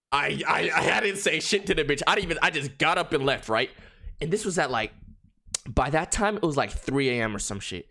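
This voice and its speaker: A young man streamer spinning a story in loose, profane slang. His voice is bright, and his pitch jumps all over as he gets worked up. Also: a little fast. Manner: animated, slangy and profane, with lots of filler. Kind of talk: casual storytelling.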